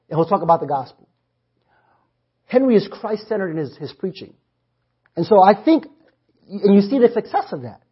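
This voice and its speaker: Husky high-voiced man preaching. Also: muffled recording. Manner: asks the congregation to answer back. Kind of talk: sermon.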